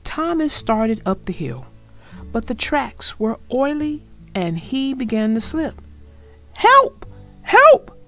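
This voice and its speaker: A woman reading a children's picture book aloud in a gentle, expressive way. Her voice has a slightly gravelly grain and moves widely in pitch, at a slow, unhurried pace. Soft music plays faintly behind her. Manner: expressive, gentle storybook delivery. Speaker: storyteller. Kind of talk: children's read-aloud storytelling.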